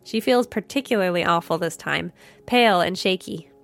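A woman narrating a science fiction story in a steady, measured reading. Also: fairly low pitch, creaky. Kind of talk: audiobook narration. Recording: faint music behind. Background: faint music.

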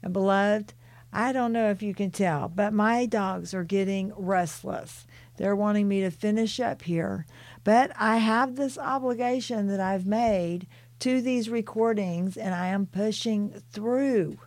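A woman reading aloud from her own spiritual book in a soft, earnest, unhurried way, stopping for personal asides. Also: mid-range voice, no room sound.

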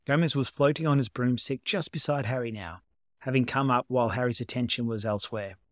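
A man narrating a story in a calm, even manner, his pitch sitting in the middle. The sound is dry and close with no room around it. It feels like an amateur reading at home. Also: fairly quick, dry recording. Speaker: amateur reader. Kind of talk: audiobook narration of fan fiction.

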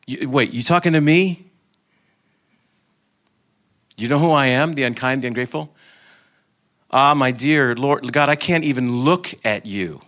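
A man's voice: mid-range voice, a little slow, hardly any pauses, a bit bright, pitched above the performer's own voice, close to an everyday voice. A man voicing a guilty human soul who stammers that he is unworthy. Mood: pleading. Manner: flustered, stammering protest.

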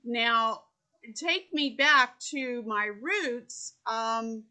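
A middle-aged woman from South Texas speaking as a panelist over a soft remote microphone, measured and deliberate, often repeating words as she starts. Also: a little high. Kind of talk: panel discussion over video call.

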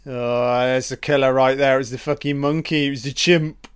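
A man giving a crude, profane, excitable running commentary on a film, calling the characters love and baby. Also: medium pitch, normal speed, clear, resonant tone.

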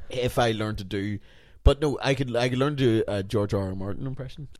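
A man's voice: medium pitch, quick pace, a little mellow, no echo. A man co-hosting a podcast in casual chat, rambling and swearing freely. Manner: rambling and profane, with frequent restarts. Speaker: podcast co-host.

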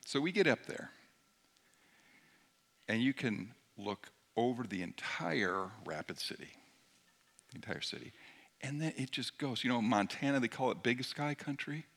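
Bright-voiced male pastor preaching. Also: medium pitch, animated, a little slow, pauses often. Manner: conversational, shifts between loud emphasis and hushed near-whisper. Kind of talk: sermon.

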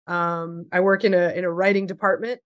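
A woman's voice: fairly low pitch, level tone, brisk. Chatty woman podcast host. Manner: chatty, swearing, lots of fillers. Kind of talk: casual chat.

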